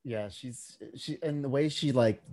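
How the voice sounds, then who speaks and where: A man hosting a casual podcast chat, animated and quick to laugh, full of campy slang. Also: medium pitch. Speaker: podcast host.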